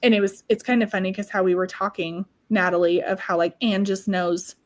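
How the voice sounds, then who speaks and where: A woman's voice: mid-range voice, fairly even intonation, fairly quick. A woman who is a psychic medium and manifestation coach, speaking as a podcast guest in a candid, profane way and telling her story by quoting her own past thoughts. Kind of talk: casual storytelling in a chat.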